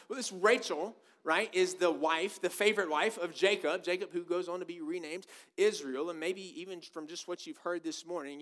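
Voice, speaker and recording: A man's voice: a little high, fairly bright tone. A man preaching a sermon, emphatic and full of repeated rhetorical questions.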